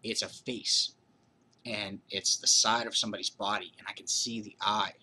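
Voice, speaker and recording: A hoarse man with a lowish, very bright and piercing voice, telling a ghost story from his childhood. He rambles casually, stumbling over restarts and filling gaps with "you know". A faint hiss sits under the recording. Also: flat delivery, moderate pace, low-quality recording. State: hoarse from being sick.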